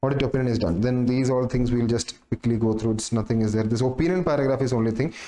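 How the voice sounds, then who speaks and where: A man's voice: medium pitch, fast, warm tone. Echoey man teaching. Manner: repetitive, explains step by step with many fillers. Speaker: exam-prep teacher. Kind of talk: casual recorded lecture. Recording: roomy echo.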